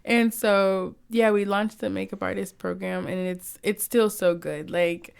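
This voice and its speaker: A young woman from the United States chatting in an interview, telling stories in an animated way and acting out quotes from others. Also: medium pitch, measured pace, vocal fry, smooth. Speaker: guest, cosmetics company founder. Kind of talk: casual interview chat.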